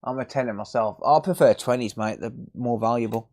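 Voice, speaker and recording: A man's voice: mid-range voice, a little fast, darkish tone. A man chatting cheekily with viewers on a live repair stream. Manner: cheeky banter, jokey and a bit sweary. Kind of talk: casual live-stream chat.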